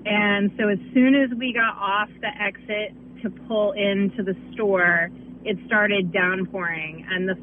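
A woman's voice: mid-range voice, fairly even intonation, a little slow, slight background noise. A woman calling in to a radio show, telling a story in a chatty, laughing way. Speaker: caller. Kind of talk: phone-in storytelling. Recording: dull lo-fi phone line.

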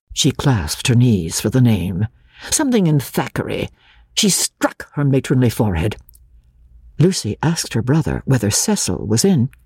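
Woman reading an old novel aloud, husky, voice goes up and down a lot. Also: rumbling low, no room sound, clean studio sound. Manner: lively expressive reading. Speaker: narrator. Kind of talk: audiobook narration of a classic novel.

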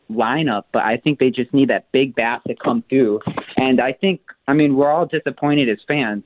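A man's voice: medium pitch, dry recording. Rambling male caller on a phone line. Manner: rambling, hesitant, many fillers. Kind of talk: casual call-in chat.

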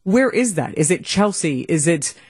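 A woman's voice: lowish voice, expressive, normal speed, a little mellow, husky. A woman co-hosting a radio talk show, chatting casually and animatedly with many restarts. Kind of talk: casual chat.

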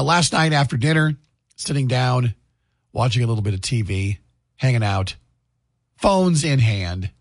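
A man's voice: mid-range voice, slightly rough, no echo, studio quality. A man, hosting a morning radio show and chatting about his family in an upbeat way. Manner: chatty, upbeat, tells home stories. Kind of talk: morning radio chat and announcements. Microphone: studio microphone, dry booth.

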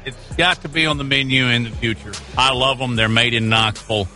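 A man's voice: medium pitch, fairly even intonation, brisk, sharp tone, faint music behind. A man hosting a sports talk radio show, upbeat and joking with a guest. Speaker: radio host.

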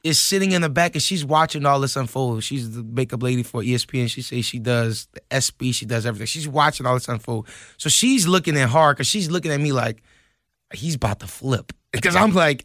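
A young man, a podcast guest telling a story in an animated way and acting out the quotes. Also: medium pitch, brisk, dry recording, clean studio sound. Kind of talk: casual storytelling.

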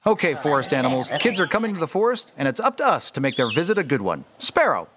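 A man plays a bossy, brisk leader of the forest animals in a radio ad. His voice is high and bouncy. Clicks and clear noise sit under the recording. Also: big pitch swings. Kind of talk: radio ad acting.

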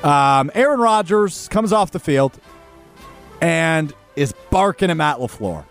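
Animated man hosting sports radio. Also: fairly high pitch, slow, soft background music. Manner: animated, emphatic, conversational. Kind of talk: opinionated sports radio talk.

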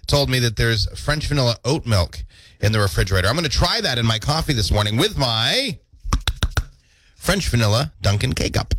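A man's voice: medium pitch, very animated, moderate pace, a bit bright, no room sound. A man hosting a morning radio show with playful, jokey banter from a studio mic. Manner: playful, jokey, self-mocking. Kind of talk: casual on-air banter. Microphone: studio microphone.

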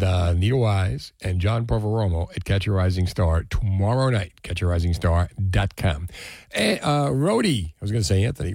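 A man hosting a call-in radio talk show, reacting easily to callers and reading ad copy briskly. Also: lowish voice, darkish tone. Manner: easygoing, quick reactions, reads ads briskly.

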